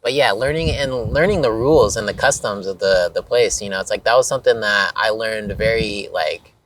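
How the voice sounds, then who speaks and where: A man's voice: on the low side, a little fast, a bit bright, far from the mic, rough recording. An American man hosting a casual podcast, talking in a loose, slangy way full of fillers. He sounds set back from the microphone. Light background noise sits behind him. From United States. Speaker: podcast host.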